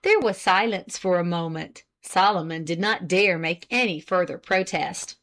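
A woman reading a story aloud as narrator, measured and expressive. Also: lowish voice. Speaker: audiobook reader. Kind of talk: scripted narration.

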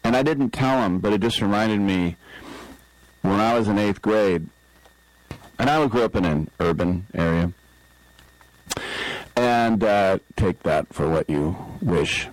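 A man's voice: lowish voice, unhurried, long pauses, no room sound, rough recording. A middle-aged man hosting a sports talk radio show, telling a rambling, self-deprecating story and acting out the people in it. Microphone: studio microphone.

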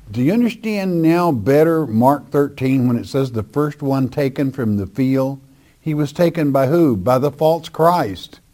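A man gives a sermon-style Bible teaching at an unhurried, deliberate pace. His voice is dark and mellow. He stresses points emphatically and repeats them, then lets phrases fall away softly. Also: medium pitch.

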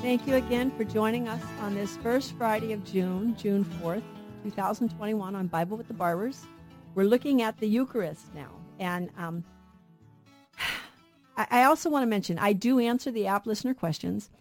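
A woman's voice: mid-range voice, moderate pace, soft background music. A middle-aged woman co-hosting a radio Bible program, teaching earnestly and asking rhetorical questions.

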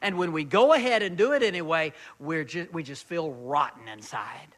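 A man preaching a sermon as pastor, reading scripture slowly and deliberately and growing louder and higher when stirred. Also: lively intonation.

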